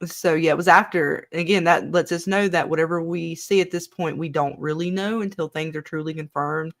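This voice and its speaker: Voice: mid-range voice, steady tone, a little fast. A show co-host in a casual live episode discussion who talks bluntly, swears often and rambles between points.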